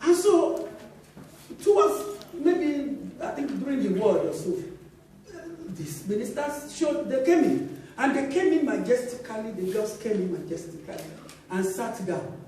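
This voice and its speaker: Animated woman preaching in an echoey hall. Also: on the high side, a little slow, recorded from a distance, slight background noise. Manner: animated, laughing as she tells stories, acting out dialogue. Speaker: pastor. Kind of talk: sermon with storytelling. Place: large church hall.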